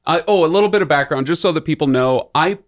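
A man's voice: on the high side, fast talker, no room sound. A man hosting a podcast in a studio, chatting casually and a bit rambly, saying he feels a little under the weather. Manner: rambling, self-deprecating, restarts often. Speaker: podcast host. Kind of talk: casual chat.

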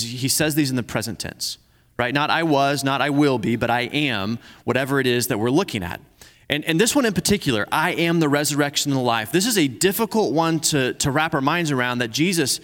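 A man preaching a sermon, earnest and halting, who repeats himself and slows down to read scripture softly. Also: mid-range voice, big-room sound. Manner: earnest, restarts often, reads scripture slowly and softly. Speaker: pastor.

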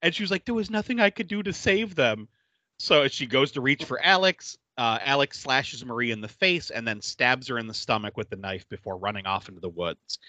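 A man's voice: mid-range voice, brisk, few pauses, no room sound. A man hosting a podcast in casual chat, recapping a horror film with frequent laughter and plenty of swearing. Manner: animated, laughing often, swears freely. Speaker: podcast host.

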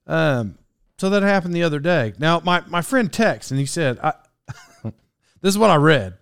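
A man's voice: fairly high pitch, sing-song, normal speed, clean tone, no echo, studio quality. A man in his forties hosting a podcast solo, rambling through a personal story with restarts and laughs at himself. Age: 40s. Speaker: podcast host.

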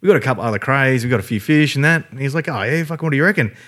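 An Australian man spins a long yarn in a relaxed podcast chat. His voice sits at an ordinary middle pitch, and he drops swear words all through it as he rambles from one detail to the next. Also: very fast. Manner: swears constantly, rambling storytelling with laughter.

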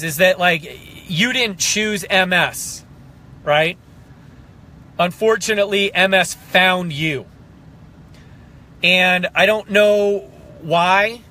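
A man's voice: high-pitched, bright, forceful tone. A man in his thirties, an exercise coach, giving a passionate, fired-up motivational pep talk to viewers. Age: 30s.

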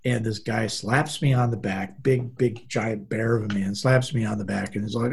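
A man with a gravelly, husky voice tells a rambling story on a casual podcast. He backtracks and restarts often, and drops into quick voiced impressions of the people he describes. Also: medium pitch, darkish tone. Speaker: podcast co-host.

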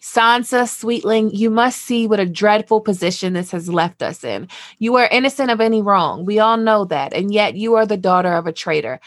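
A woman's voice: medium pitch, lively intonation, normal speed, no room sound, natural voice. A woman reading the lines of a manipulative queen mother in a honeyed, condescending way. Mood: sweetly menacing.

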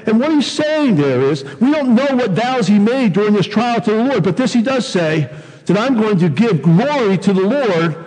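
A man's voice: sits high, a little mellow, slightly rough. A man preaching a sermon as guest pastor, earnest and building to fervent emphasis. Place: church sanctuary. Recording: long reverb of a church hall.

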